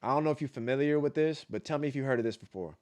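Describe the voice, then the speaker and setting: A man's voice: medium pitch, very fast, a little mellow. A man giving blunt, profane live-stream commentary, repeating points for emphasis and vocalizing beat patterns aloud. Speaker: streamer reacting to dance battles.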